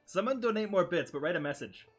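A man's voice: high voice, lively intonation, fast, slightly rough, soft background music. A man in his thirties co-hosting a casual game livestream, joking and often trailing off mid-sentence. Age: 30s. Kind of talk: casual gaming stream chat.

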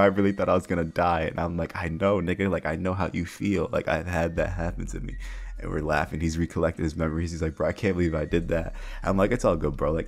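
A young man casually telling a story, rambling and slangy, acting out the dialogue as he goes. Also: sits low. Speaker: storyteller vlogger.

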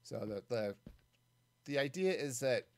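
A man's voice: medium pitch, expressive, a little slow. A man streaming a game solo, giving casual, rambling commentary as he builds, thinking aloud with self-mocking jokes and asides.

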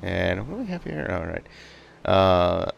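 Brief: low, gravelly man, relaxed gaming commentary, rambling and self-deprecating. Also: measured pace, muffled recording, slight background noise. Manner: rambling, self-mocking, full of ums and asides. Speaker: gaming video host. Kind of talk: casual gameplay commentary.

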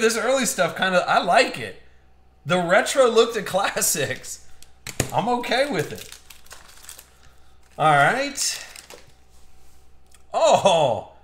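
A man's voice: high-pitched, a bit bright, echoey room. A man hosting a live-streamed trading card box break, chatty and upbeat, joking with viewers as he opens packs. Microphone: streaming mic.

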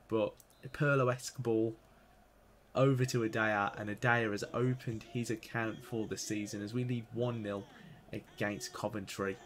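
A young man commentating live on his own football video game, excitable, swinging from muttering to loud outbursts. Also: mid-range voice. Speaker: gaming YouTuber playing career mode.

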